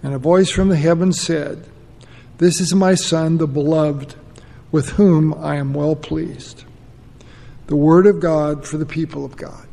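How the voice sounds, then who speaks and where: A man reading a scripture passage aloud in church, steady after a stumbling start. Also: fairly high pitch, a little slow, creaky, in a large hall. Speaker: scripture reader.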